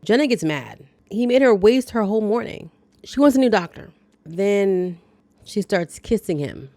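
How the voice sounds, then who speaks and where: A woman's voice: mid-range voice, lively intonation, moderate pace, warm tone, no echo. A woman hosting a casual movie recap, chatty, with playful asides and reactions to the story. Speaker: movie review host.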